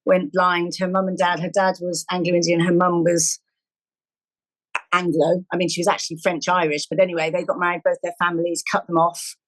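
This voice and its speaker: Female podcast co-host, animated and opinionated, dry close-miked sound. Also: lowish voice, brisk, no echo, rough recording. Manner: animated, opinionated, ranting at times. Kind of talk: casual chat.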